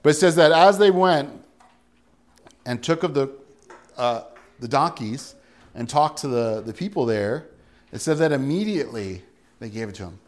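A man preaching a sermon in a relaxed, conversational way, asking his listeners questions and acting out little everyday scenes. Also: medium pitch, normal speed, pauses often. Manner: chatty, rhetorical questions, acts out everyday scenes. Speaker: pastor.

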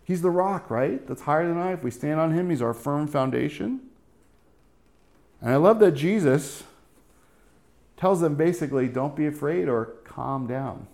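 A man's voice: fairly high pitch, expressive, moderate pace, long pauses, a little mellow. A middle-aged man preaching a sermon as pastor, in a casual, joking way, often checking in with "right?".

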